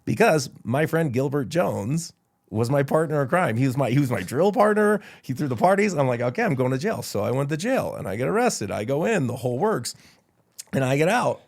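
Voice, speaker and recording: A middle-aged man from Idaho, a podcast guest telling a story in a casual, animated way. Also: mid-range voice, fairly quick, gravelly. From Idaho, United States. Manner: animated, quotes people in character.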